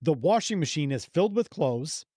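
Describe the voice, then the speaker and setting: A man's voice: on the high side, moderate pace, no room sound, clean studio sound. A man hosting a podcast, telling a story with enthusiasm and lots of swearing. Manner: enthusiastic, profane, animated storytelling. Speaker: podcast host. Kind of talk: casual chat.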